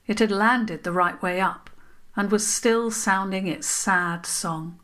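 A woman narrating a children's story in a gentle, unhurried way. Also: mid-range voice.

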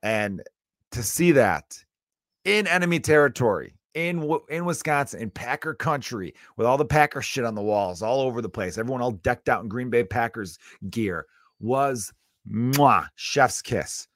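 Hosting his own podcast, this Chicago-area comedian goes on a profane, animated rant full of asides. He speaks at normal speed with a medium pitch. The audio is studio quality, with no room sound.

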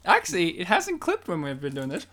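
A man's voice: high voice, huge pitch swings, brisk, sharp tone, slight background noise. A man co-hosting a casual comedy podcast, teasing and sarcastic. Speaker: podcast co-host.

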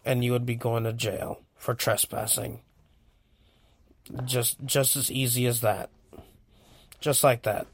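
A man's voice: mid-range voice, dry recording. A young man from California rambling bluntly through a casual monologue, cursing freely as he tells stories. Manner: blunt, profane, storytelling. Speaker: podcast host.

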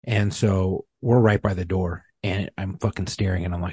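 A man's voice: low voice, steady tone, moderate pace, darkish tone, slightly rough. A middle-aged man telling a rambling, profanity-laced story in casual podcast chat. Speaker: podcast co-host.

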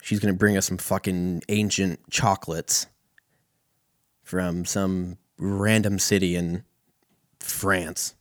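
A young man from California telling a profane, animated stand-up story. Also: low-pitched, slow pace, dry recording, clean studio sound. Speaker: comedian.

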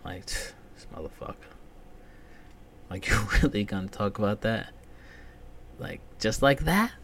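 A man hosting a solo comedy podcast, ranting profanely and swinging from loud outbursts to muttered whispered asides. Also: on the low side, lively intonation, a little slow, a little hiss or hum. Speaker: podcast host.

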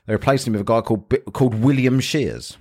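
A man's voice: mid-range voice, fast talker, a little mellow, husky. A man hosting a casual podcast chat, joking, rambling and laughing often. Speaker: podcast host.

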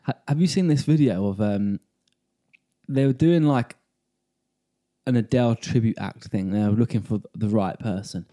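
A man, co-hosting a podcast, retelling something in casual, animated chat. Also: lowish voice, moderate pace. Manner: animated, laughing often. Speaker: podcast co-host.

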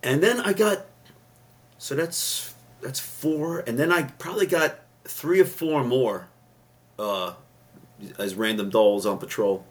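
A man, a retired police officer on a podcast, telling stories with rambling restarts and rising loud when excited. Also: medium pitch, slow pace. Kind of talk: casual storytelling chat.

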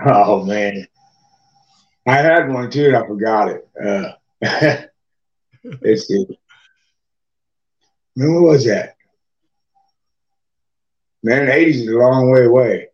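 A man's voice: mid-range voice, animated, takes it slowly, pauses often, a little mellow, dull audio. Older man telling rambling stories. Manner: rambling, profane, laid-back. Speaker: podcast guest. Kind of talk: casual storytelling.

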